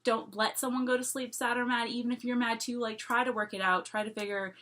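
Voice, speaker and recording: Bright-voiced woman ranting casually to camera. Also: fairly high pitch, flat delivery, brisk. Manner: chatty, repeats herself, frequent "like", laughs between thoughts. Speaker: vlogger. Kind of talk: casual rambling rant to camera.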